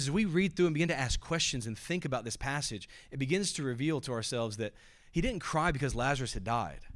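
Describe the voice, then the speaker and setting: A man preaching a sermon with earnest delivery. He slows down to stress key phrases and goes soft and quiet on solemn words. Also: medium pitch. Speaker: pastor.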